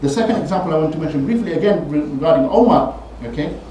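A man giving a Friday sermon in a mosque, telling stories animatedly and rising in pitch and force when he quotes people. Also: expressive, fast talker, dark tone, slight background noise. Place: mosque prayer hall. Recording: very echoey hall, voice from far off.

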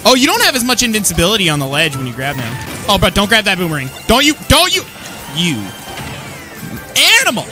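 A woman commenting on her own gameplay, excitable and slangy, often yelling at the screen. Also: mid-range voice, quick pace. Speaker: gaming channel host. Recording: loud game music behind voice. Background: game music.

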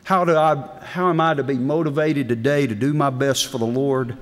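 A middle-aged man preaching a devotion in a folksy storytelling manner, swinging between loud and hushed delivery. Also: mid-range voice, steady tone, normal speed. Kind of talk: sermon. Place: large legislative chamber. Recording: long reverb in a big hall.

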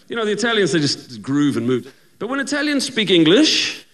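A man's voice: high voice, wildly swooping pitch, measured pace, long pauses, fairly bright tone, a little hiss or hum. A man doing a stand-up comedy routine in a chatty, teasing manner, often asking the audience to agree.

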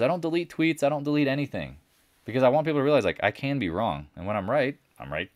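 A man's voice: mid-range voice, animated, quick pace, no room sound, studio quality. A man hosting a casual market recap, talking bluntly and boastfully, with mocking asides. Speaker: market commentary host.

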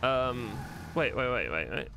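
A man's voice: medium pitch, big pitch swings, unhurried, creaky, background noise. A man streaming a roleplay game live from home, chatting to viewers in a loose, rambling way, swearing freely and thinking aloud as he plays.

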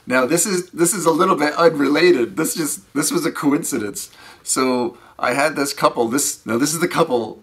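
A man who teaches scuba, telling rambling, animated stories in a casual way that often trails off quietly. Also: mid-range voice. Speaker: scuba diving instructor. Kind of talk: casual anecdotal storytelling.

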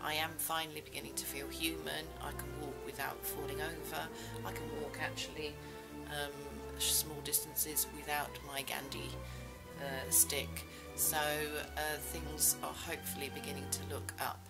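A woman's voice: sits low, flat delivery, moderate pace, vocal fry, over loud music, poor audio. A middle-aged woman vlogging in a rambling, self-mocking way, full of fillers. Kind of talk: casual chat.

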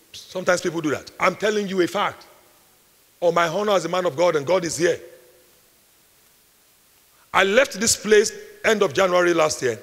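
Man, Nigerian accent, pastor, emphatic sermon, gravelly husky voice. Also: fairly high pitch. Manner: preaching with emphatic repetition, rising to shouts. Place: large hall at a retreat. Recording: echoey hall, long reverb.

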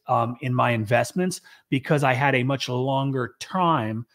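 A middle-aged man, a business owner, chatting casually on a show and rambling with lots of restarts and fillers. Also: medium pitch. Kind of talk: casual chat.

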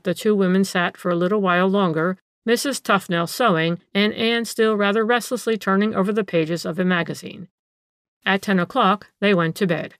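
A woman reading a classic detective story aloud as an audiobook narrator, in a measured, even storytelling manner. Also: lowish voice, no room sound, studio quality.

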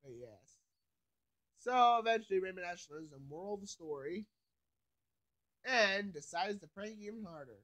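A man's voice: high-pitched, lively intonation, moderate pace, pauses often, fairly bright tone. A man giving a casual, rambling review of a cartoon episode, sleepy and yawning, padded with filler phrases.

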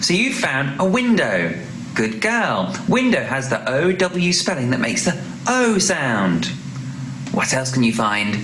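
A man's voice: medium pitch, very animated, slow pace. A man teaching phonics with a puppet, teasing and full of mock surprise. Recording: echoey room with background noise.

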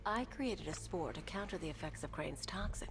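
A woman's voice: lowish voice, lively intonation, moderate pace. An actress playing a confident female villainess with a plant theme, speaking coolly and self-assured in a video game.

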